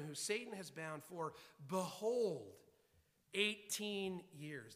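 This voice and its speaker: A pastor preaches to his congregation in a high, pushed, bright voice, emphatic and repetitive and often restarting his words. The recording carries a long hall reverb.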